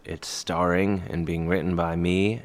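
A man's voice: sits low, little pitch movement, unhurried. A man from Cleveland, an actor, chatting casually on a podcast in a rambling, self-deprecating way. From Cleveland, Ohio. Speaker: actor and guest.

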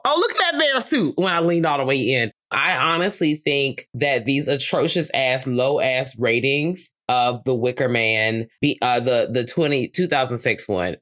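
A podcast co-host in casual movie review chat, animated, swearing freely and jumping into high-pitched impressions.

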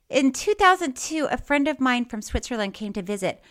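A woman's voice: sits high, fairly bright tone. A woman co-hosting a podcast in casual chat, reading listener mail in a playful, giggly way. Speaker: podcast co-host.

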